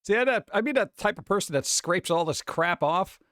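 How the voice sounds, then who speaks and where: A man's voice: sits high, lively intonation, moderate pace, fairly bright tone, dry recording, studio quality. A man from New York with a New York accent, hosting a casual livestream and reacting to chat in a sarcastic, mock-exasperated way. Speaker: streamer host.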